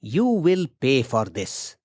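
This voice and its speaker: A man's voice: mid-range voice, big pitch swings, takes it slowly, a little mellow, husky, no echo, studio quality, exaggerated voice. A man voicing an angry businessman who issues cold threats. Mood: menacing. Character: menacing, vengeful male businessman.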